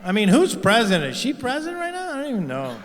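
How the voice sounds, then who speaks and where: A man's voice: very high voice, wildly swooping pitch, quick pace, fairly bright tone. A middle-aged man doing a crude, profane stand-up comedy set on stage, mocking and punching up each line. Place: large comedy venue with live audience. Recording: live stage mix with hall reverb.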